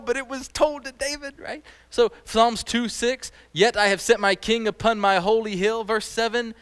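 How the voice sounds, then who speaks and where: A man giving an animated, conversational sermon as a teacher, often quizzing his audience. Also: sits high. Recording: long hall reverb.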